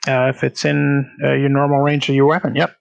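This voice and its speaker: A man's voice: medium pitch, completely flat delivery, fairly quick, creaky, muffled recording. A man running a tabletop game as game master, narrating with many filler sounds.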